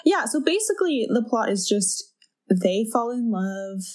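A woman in casual conversation about a movie, expressive and quick to laugh. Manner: expressive, jumps high in pitch when laughing.

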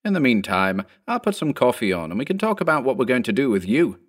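A man doing a calm, unruffled clone. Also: medium pitch, fast talker, voice pushed up. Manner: calm, reassuring. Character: calm, cool-headed male clone.

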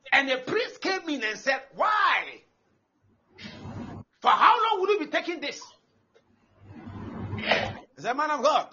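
A man, preaching an animated sermon that breaks into shouting and laughter. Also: very high-pitched. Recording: dull lo-fi live recording with faint noise.

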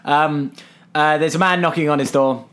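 A man casually recapping a film with a co-host, animated, acting out characters' lines in pitched-up voices and swearing freely. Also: moderate pace.

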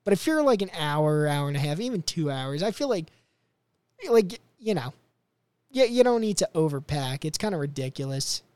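A man's voice: on the high side, sing-song, moderate pace, a little mellow, smooth, no echo. A young man hosting a podcast, chatting casually and loosely about clips he plays, full of fillers and restarts. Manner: rambling, filler-heavy. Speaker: podcast host.

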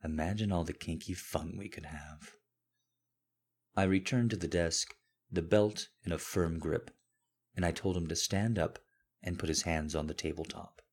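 A man reading first-person fiction aloud as an audiobook narrator, slow, low and commanding. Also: darkish tone, breathy edge.

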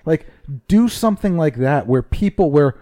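A man in casual chat, animated and swearing as he retells quotes. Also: a little high, normal speed, no echo, clean studio sound. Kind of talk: casual chat about pro wrestling.

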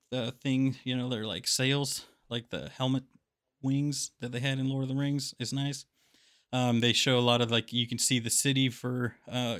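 A man's voice: medium pitch, a bit bright. A man co-hosting a casual comedic review chat, rambling and joking, constantly tagging his sentences with "okay?". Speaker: podcast co-host.

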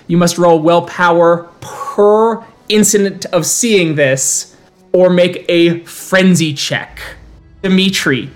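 A man narrates a tabletop horror game as the storyteller, speaking in measured, descriptive tones that he sometimes draws out for effect. His voice is a little high.

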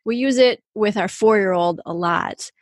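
A woman's voice: medium pitch, moderate pace, no echo, studio quality. A woman co-hosting a casual chat about parenting, laughing often as she talks. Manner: laughs often while talking.

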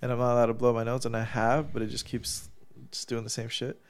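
A man speaks quickly in a smooth, monotone, medium-pitched voice. Co-hosting a podcast with a nose congested from surgery, he chats casually, cursing freely and laughing often as he tells a story.

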